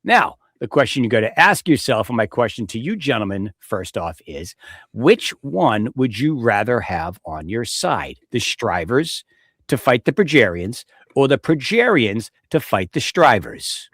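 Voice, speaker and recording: A middle-aged man hosting a podcast, loose and rambling, cursing freely and poking fun at himself. His voice sits at an ordinary pitch and sounds dry and close on the mic, with no room around it. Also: very animated, measured pace, a bit bright, no echo. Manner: rambling, profane, self-deprecating. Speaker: podcast host. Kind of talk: casual podcast chat. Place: home studio with a close mic.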